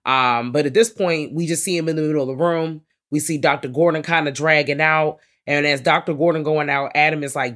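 A man co-hosting a podcast, recapping horror films in casual, animated chat full of slang and swearing. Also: fairly high pitch, brisk, few pauses. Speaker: podcast co-host.

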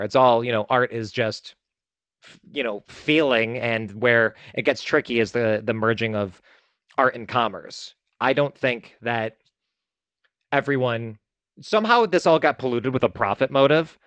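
A man talking casually as a filmmaker guest in an interview, chatty and self-deprecating with quick asides. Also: medium pitch, a bit bright, no room sound.

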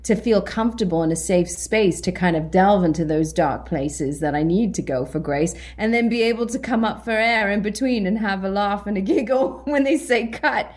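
A British woman, an actress, chatting in an interview, animated and laughing often as she acts out her own reactions. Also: mid-range voice, normal speed, hardly any pauses. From Britain. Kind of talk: casual interview chat.

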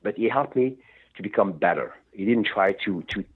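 Husky low-voiced man on a phone line. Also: normal speed. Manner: rambling, animated storytelling with restarts. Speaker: rock singer guest. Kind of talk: phone interview.

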